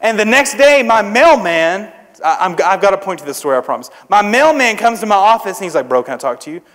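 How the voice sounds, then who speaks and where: Very animated and a little fast, a young traveling preacher's voice sits high with a fairly bright tone. He preaches a youth sermon to a church audience, telling jokey, self-deprecating stories conversationally, captured in long hall reverb.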